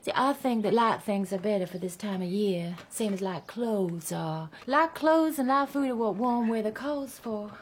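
A woman's voice: mid-range voice, lively intonation, normal speed, hardly any pauses, slight background noise, lightly acted. An actress playing a faded, chatty Southern belle mother in middle age, with a Southern accent and a genteel, rambling manner. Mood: gushing. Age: middle-aged. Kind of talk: stage drama acting.

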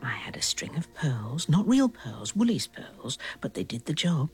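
An actor playing a working-class woman recalling her past in soft, intimate, whispered narration. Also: low voice, very animated, measured pace. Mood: wistful. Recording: music underneath.

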